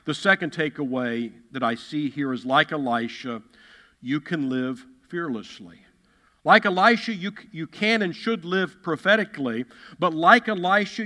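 A man's voice: a little high, lively intonation, unhurried, bright, forceful tone. A man preaching a sermon as a pastor, emphatic, repeating key phrases and acting out the quotes he reads. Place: church sanctuary. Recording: long hall reverb.

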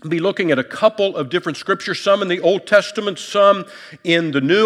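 High-voiced pastor in a reverberant hall. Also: male voice, bright, forceful tone. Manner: conversational, folksy storytelling with light humor; repeats words and restarts often. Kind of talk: sermon.

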